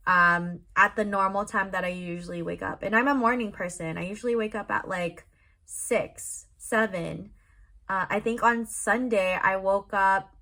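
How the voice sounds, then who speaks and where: A young woman, a vlogger who sells crochet, chats casually in her own vlog. Her medium-pitched voice sounds pushed and bright, upbeat and talkative, with plenty of filler words.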